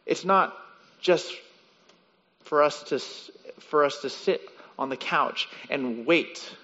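Male pastor, sermon delivery, bit high-pitched, muffled recording. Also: fairly bright tone. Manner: teaching, acts out story voices with rising pitch. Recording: muffled sound with long hall reverb.

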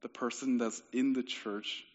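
A young man delivers a sermon in an easygoing, conversational manner, often restarting his phrases. His voice sits in a middle pitch. The recording sounds a bit dull and lo-fi. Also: flat delivery, measured pace. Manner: casual, conversational preaching with frequent restarts. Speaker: pastor.

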